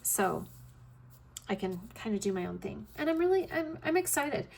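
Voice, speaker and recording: A woman in her fifties talks through her week in a loose, rambling vlog chat, full of ums and trailing asides. Her voice has a gravelly, fry-edged texture and a slightly scratchy throat. She sounds tired and keeps yawning between thoughts. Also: a little high, big pitch swings, moderate pace, darkish tone. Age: 50s. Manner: rambling, chatty, with frequent ums and yawns. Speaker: vlog host. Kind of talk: casual chat while crafting.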